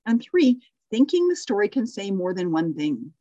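A woman's voice: medium pitch, very animated, moderate pace, dark tone, dry recording, highs cut off. A middle-aged woman leading a live online class on storytelling, praising students and thinking aloud with restarts and small laughs. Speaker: course instructor.

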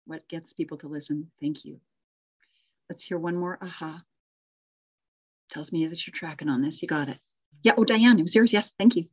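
A woman's voice: deep voice, moderate pace, pauses often, breathy edge, dry recording. A middle-aged woman leading a live online class on storytelling, praising students and thinking aloud with restarts and small laughs. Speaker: course instructor.

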